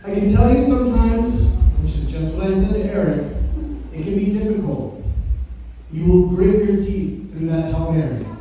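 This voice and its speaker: A man's voice: high-pitched, moderate pace, warm tone, slight background noise. A middle-aged man giving a heartfelt, joking wedding toast as father of the bride. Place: wedding reception hall. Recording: echoey hall from far off.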